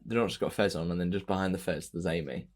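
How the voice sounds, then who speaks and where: A man's voice: low voice, quick pace. A young man hosting a podcast, chatting casually through a commentary track, laughing often and restarting his sentences. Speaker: podcast host.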